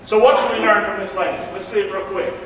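A man's voice: high-pitched, fairly even intonation, quick pace, fairly bright tone, a little hiss or hum. A man preaching a sermon as pastor, calling on the congregation to repeat phrases back to him. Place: church hall. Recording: echoey hall from far off, dull sound.

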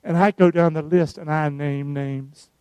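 A man's voice: on the high side, fairly even intonation, measured pace, darkish tone, clean tone, dry recording. A middle-aged man preaching a sermon as pastor, emphatic and calling on the congregation to answer back. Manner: emphatic preaching with call-and-response.

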